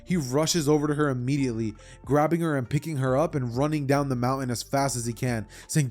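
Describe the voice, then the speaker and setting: A young man casually retelling a fan-fiction story for his channel, rambling and animated with side comments. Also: medium pitch, fairly quick, hardly any pauses, soft background music. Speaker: YouTuber.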